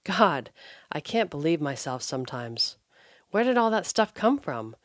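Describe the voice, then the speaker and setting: A woman's voice: sits low, very animated, measured pace, no echo. A woman voicing an upset mother of three young boys, speaking in a dry, close-up reading voice. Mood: regretful. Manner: cries out, then turns soft and regretful.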